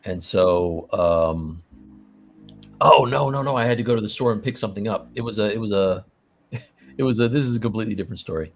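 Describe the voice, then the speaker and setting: A man's voice: on the low side, a little fast, soft background music. Rambling man telling a story. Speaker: co-host of a 3D art live stream. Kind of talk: casual chat while sculpting.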